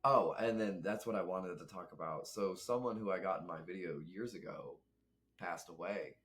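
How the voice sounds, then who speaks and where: A man's voice: low-pitched, normal speed, fairly bright tone. A young man, a guest telling rambling, reflective stories in casual chat. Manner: rambling, reflective, laughs often.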